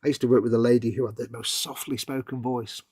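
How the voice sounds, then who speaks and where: Male livestream co-host, husky and chatty, casual banter, dry close sound. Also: mid-range voice, little pitch movement, fast talker, no echo. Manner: chatty, laughs often, drifts into soft trailing asides. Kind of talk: casual chat.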